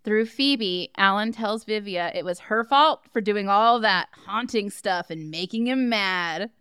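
Slow, smooth woman recapping a movie. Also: mid-range voice, sharp tone, no echo, studio quality. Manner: retells plot with frequent laughs and sarcastic asides. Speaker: podcast co-host. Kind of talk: casual movie recap chat.

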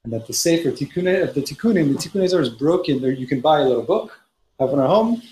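A man's voice: a little high, lively intonation, rapid-fire, warm tone. A man teaching a Torah study class, reading Hebrew passages aloud and explaining them in English with frequent restarts. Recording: roomy echo, faint noise.

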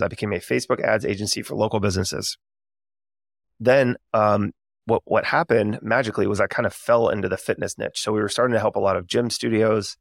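A man's voice: lowish voice, vocal fry, no echo, clean studio sound. A man in his thirties hosting a podcast, telling a candid, reflective story in a casual way with many fillers. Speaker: podcast host.

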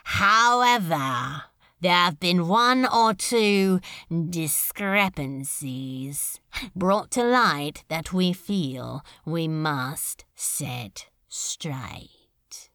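A woman voicing a cold, formal male demon lord who speaks in slow, archaic phrases in an audiobook reading. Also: expressive, pushed and bright, clean tone, dry recording, clean studio sound, heavily acted. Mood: menacing. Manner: slow, archaic formal speech, low and measured. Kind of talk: audiobook reading of fan fiction.

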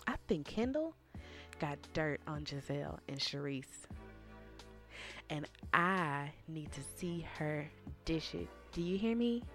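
Woman, young adult, casual reality TV commentary, sassy and animated, slightly low voice, faint music behind. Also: takes it slowly. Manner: sassy, animated, talks straight to the viewers. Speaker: reality TV recap host.

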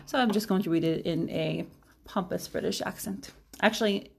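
A woman's voice: on the low side, moderate pace, vocal fry, slightly rough. A woman co-hosting a podcast, chiming in with wry, teasing asides in casual chat. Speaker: podcast co-host.

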